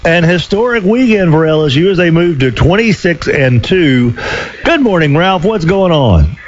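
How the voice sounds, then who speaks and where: A man in his sixties hosting a sports talk call-in radio show, chatty and quick with joking asides between callers. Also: high-pitched, expressive. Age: 60s. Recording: dull lo-fi radio broadcast.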